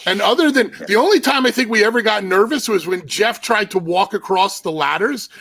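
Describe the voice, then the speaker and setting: A man's voice: sits high, expressive, brisk, fairly bright tone, no room sound. A man speaking as a podcast guest, recounting past matches in an emphatic, reflective way. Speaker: guest wrestler. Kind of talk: casual chat.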